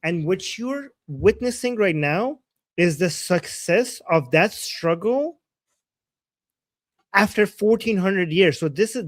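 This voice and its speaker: A man's voice: high voice, no echo. Emphatic man, dry close sound. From Iran. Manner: emphatic, repeating key points. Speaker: guest, channel owner. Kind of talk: livestream conversation.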